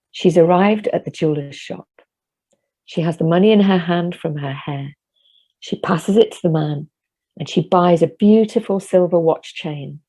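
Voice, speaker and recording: Woman, storyteller, slow, gravelly, mellow, gentle measured telling, video call. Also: deep voice. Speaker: folk storyteller. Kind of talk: storytelling at an online concert.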